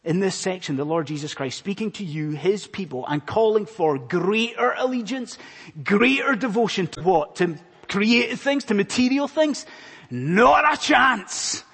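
Scottish preacher in a reverberant hall. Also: male voice, high voice, animated, normal speed, breathy edge. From Scotland. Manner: earnest, questioning the congregation, swings between loud emphasis and hushed lines. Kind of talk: sermon. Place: church in a large hall.

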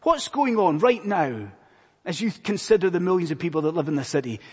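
Scottish male preacher, earnest sermon delivery, slightly husky and higher voice, long hall echo. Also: sing-song, brisk. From Scotland. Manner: earnest, questioning the congregation, swings between loud emphasis and hushed lines. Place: church in a large hall.

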